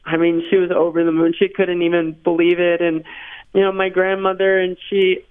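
A woman in her thirties, interviewed by phone, telling stories in an animated way and laughing often. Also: fairly low pitch, normal speed, clean tone. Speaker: interview guest. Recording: tinny phone line.

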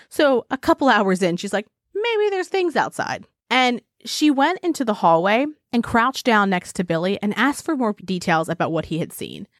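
A woman from Arizona co-hosting a casual podcast, animated, laughing often and swearing freely. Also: mid-range voice, dry recording, clean studio sound. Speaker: podcast co-host. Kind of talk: casual chat. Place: home.

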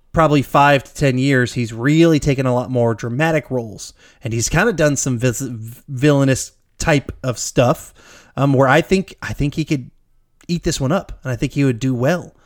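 A man's voice: fairly high pitch, dry recording, clean studio sound. A man co-hosting a podcast, chatting casually and with enthusiasm, laughing easily and often restarting sentences. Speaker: podcast co-host. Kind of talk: casual chat.

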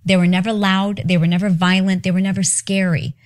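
A woman hosting a podcast, telling stories and giving advice in a chatty, animated way with lots of filler words. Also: medium pitch, a little fast. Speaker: podcast host. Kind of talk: casual storytelling monologue.

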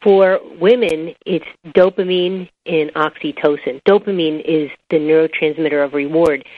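A woman with a low-pitched voice explains her subject step by step as an interview guest, slipping into anecdotes as she goes. The recording sounds dull and lo-fi. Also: normal speed, dry recording. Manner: animated storyteller, explains step by step. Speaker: author and biology professor, guest.

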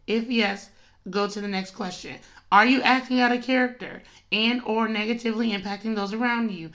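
A woman hosts a casual devotional podcast, chatting in a colloquial, animated way and often laughing. She speaks slowly with a fairly high voice. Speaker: podcast host.

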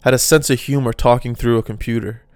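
Rambling, smooth-voiced male podcast host. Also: mid-range voice, steady tone, quick pace, darkish tone, dry recording, clean studio sound. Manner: rambling, off-the-cuff musing. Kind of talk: casual solo podcast monologue.

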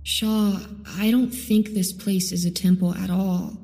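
A man doing a hushed, uneasy explorer. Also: sits high, flat delivery, unhurried, gravelly, big-room sound, voice pushed up. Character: wary male explorer companion.

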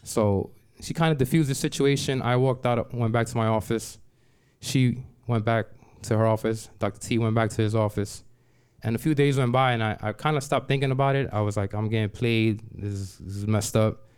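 Smooth-voiced man telling a personal story. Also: medium pitch, normal speed, darkish tone. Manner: conversational, repeats "like" and restarts. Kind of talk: personal story told to an audience.

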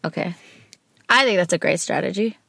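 Lower-pitched woman in candid chat. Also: brisk, gravelly, breathy edge, dry recording, clean studio sound. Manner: expressive and candid, acts out her own outbursts. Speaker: podcast co-host talking with her partner. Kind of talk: casual chat.

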